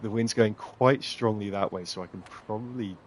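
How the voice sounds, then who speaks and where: A man's voice: on the low side, moderate pace. Sarcastic man streaming a game. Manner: sarcastic, self-mocking. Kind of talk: casual gameplay commentary.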